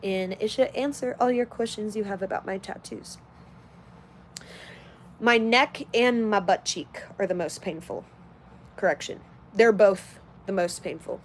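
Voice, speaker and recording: A woman's voice: medium pitch, unhurried, pauses often, slight background noise. A woman in her late twenties chatting casually on a livestream, reading out comments in a blunt, heavily profane way. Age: 20s.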